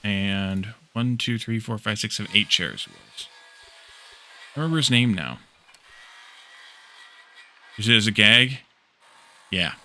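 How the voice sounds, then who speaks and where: A man's voice: fairly low pitch, slow pace, pauses often, slight background noise. A man streaming a building game, thinking aloud as he crafts and chatting back with his viewers. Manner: relaxed, thinks aloud while crafting, reads and answers chat. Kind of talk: casual gameplay stream chat.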